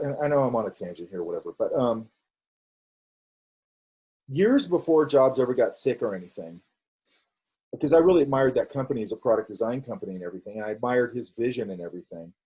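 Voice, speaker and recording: Guy teaching a live class, rambly, dark husky voice, acts out little convos. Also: mid-range voice, rough recording. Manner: rambling, acts out quoted dialogue. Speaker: instructor hosting a live class. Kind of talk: casual talk.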